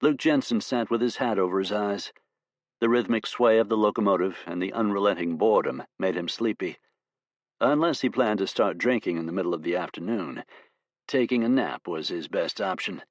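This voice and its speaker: A man narrating an audiobook in a steady, measured storytelling voice. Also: lowish voice, no room sound.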